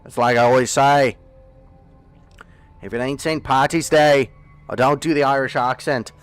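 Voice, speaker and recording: A man putting on a jolly stage Irish character, loud and boisterous, while playing a game. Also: medium pitch, fairly even intonation, normal speed, clear, resonant tone, no echo, faint music behind, natural voice. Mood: jolly boasting. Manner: loud, boisterous put-on brogue. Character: jovial stage Irishman on holiday.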